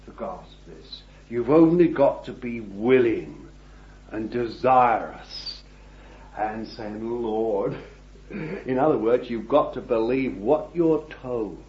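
A man preaching a sermon, reading scripture and addressing his listeners as beloved, swinging from hushed words to loud ones. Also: mid-range voice. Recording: dull, echoey old recording.

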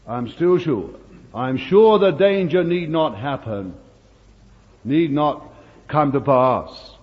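Slow-speaking older male preacher. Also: on the high side, animated, husky. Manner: storytelling, swings between hushed asides and emphatic lines. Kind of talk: sermon. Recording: dull recording with long hall reverb.

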